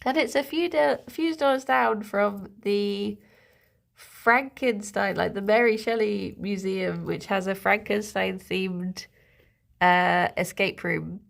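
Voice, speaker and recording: A woman's voice: mid-range voice, takes it slowly, vocal fry. A young woman chatting casually to her livestream audience, giggling often and breaking off to talk to her pet rabbits at home. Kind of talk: casual chat to a live audience.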